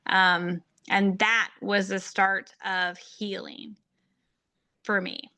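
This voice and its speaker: A woman's voice: mid-range voice, fairly even intonation, slow, sharp tone, clean tone. A woman hosting a faith-based podcast, talking earnestly and heartfelt in a casual monologue, with plenty of "like" and "um". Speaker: podcast host and faith-based marriage coach.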